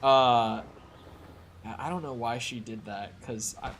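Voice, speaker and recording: A man's voice: mid-range voice, slow pace, fairly bright tone, a little hiss or hum. A man from the Upper Midwest streaming a video game, chatting casually and wandering off into stories. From Upper Midwest of the United States. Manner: rambling, storytelling asides. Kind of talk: casual chat while playing a video game. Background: faint game music.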